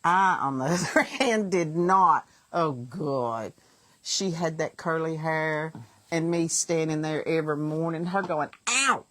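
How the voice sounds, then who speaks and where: An older woman with a Southern US accent, telling family stories in a relaxed, folksy way on a podcast and chiming in with quick corrections. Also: low-pitched, no room sound. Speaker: guest, the host's mother. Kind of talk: casual family chat.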